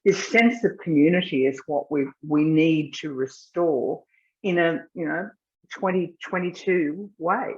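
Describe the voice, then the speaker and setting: A woman's voice: deep voice, a little slow. A woman hosting an interview, thoughtful and conversational, with frequent "you know"s. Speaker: host. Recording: dull lo-fi sound.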